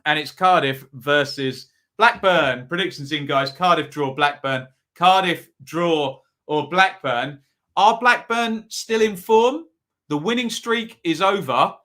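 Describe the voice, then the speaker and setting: A man's voice: on the high side, takes it slowly, bright, forceful tone. A man hosting a live football predictions stream, chatting casually and reading out viewers' comments. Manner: chatty, upbeat, reads out chat comments.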